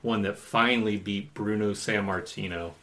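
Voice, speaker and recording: A man co-hosting a casual talk show, knowledgeable and steady, fixing details as he tells stories. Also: on the low side, normal speed. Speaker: podcast co-host. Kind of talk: casual chat about wrestling.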